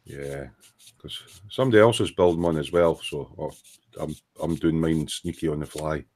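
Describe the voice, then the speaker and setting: A man's voice: extremely low pitch, moderate pace, a little mellow. A Scottish man hosting a casual live stream at his model-making bench, bantering and swearing while he sands. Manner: banter, swearing, dry jokes while sanding. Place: hobby workbench indoors.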